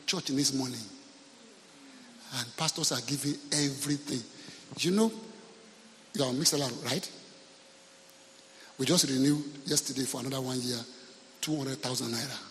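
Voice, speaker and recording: A man's voice: medium pitch, moderate pace, pauses often, fairly bright tone, long reverb tail, slight background noise. A man with a Nigerian accent, a pastor preaching a sermon in church, telling stories with humor and often asking the congregation questions.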